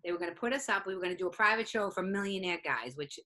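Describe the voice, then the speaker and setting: Woman comic, quick talker, bright edge, animated, swears a lot. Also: mid-range voice. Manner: animated, profane, acts out both sides of a story. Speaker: stand-up comedian, guest. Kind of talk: casual storytelling chat.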